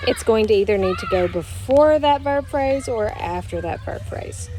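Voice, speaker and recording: A woman teaching a recorded grammar lesson, explaining patiently step by step and slowing down to model phrases. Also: on the high side, animated, background noise. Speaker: Spanish teacher.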